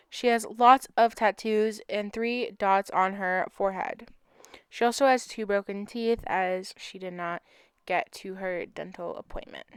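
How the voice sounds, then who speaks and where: A woman's voice: medium pitch, clear, resonant tone, no echo, clean studio sound. A woman hosting a missing-persons channel, speaking in a heartfelt, emotional way as she pleads with viewers for help. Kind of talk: earnest appeal to viewers.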